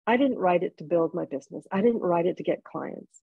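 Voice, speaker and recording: A woman with a husky, slightly gravelly voice tells personal stories in an interview, heartfelt and halting at times. The sound is dry and a little dull, as on a lo-fi recording. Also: on the low side, animated, no echo. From Jamaica. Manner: heartfelt storytelling with restarts. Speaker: author and guest. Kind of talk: interview conversation.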